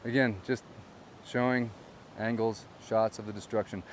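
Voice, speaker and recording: A man's voice: on the low side, little pitch movement, normal speed, a little hiss or hum. A man filming a handheld walk-and-talk vlog outdoors by the shore, speaking bluntly and with frustration straight to his viewers. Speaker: vlogger and real estate agent. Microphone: handheld camera on a gimbal.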